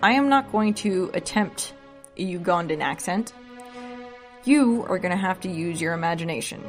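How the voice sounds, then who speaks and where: A woman's voice: lowish voice, fairly even intonation, normal speed, faint music behind. A drunk woman reading a story aloud at home under a blanket, loose and rambling with side notes.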